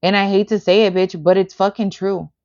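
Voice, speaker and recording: A woman's voice: mid-range voice, fairly even intonation, a little fast, darkish tone, lo-fi sound. A woman reading tarot on a livestream, blunt and heavily profane, filling her talk with "like". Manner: profane and blunt, heavy "like" and "bitch" fillers. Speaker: tarot reader.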